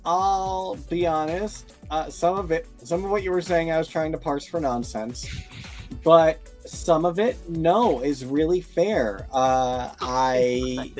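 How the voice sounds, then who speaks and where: A man's voice: fairly high pitch, slow pace, a little mellow, faint music behind. A man co-hosting a casual podcast, tossing in dry, wry asides. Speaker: podcast co-host. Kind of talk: casual chat.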